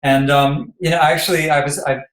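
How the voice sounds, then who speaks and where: A man's voice: fairly high pitch, level tone, fairly quick, fairly bright tone. A man interviewing a singer, chatty and hesitant with lots of ums. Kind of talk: casual interview chat. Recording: roomy echo.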